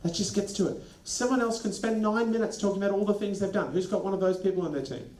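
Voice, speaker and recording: A man presenting a lively workshop to school leaders, animated and acting out quick snippets of dialogue. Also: high-pitched. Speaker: education consultant presenting a workshop. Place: training venue. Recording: echoey room.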